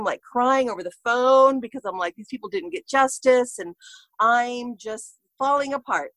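A woman's voice: fairly high pitch, fairly bright tone, dry recording. A middle-aged woman, a guest in a casual interview, telling personal stories in a chatty way, full of fillers and quoting herself.

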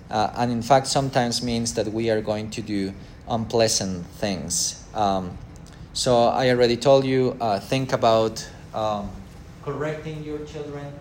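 With a slightly mellow mid-range voice, a man teaches a Bible class at church, pausing and stumbling with many fillers. He acts out common sayings and asks the class questions over slight background noise.

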